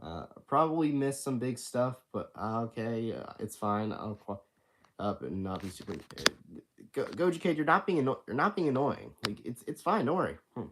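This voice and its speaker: A teenage boy chatting casually on a livestream from his bedroom, halting and rambling with many restarts. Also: medium pitch, very animated, slight background noise. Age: teens. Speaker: livestream host.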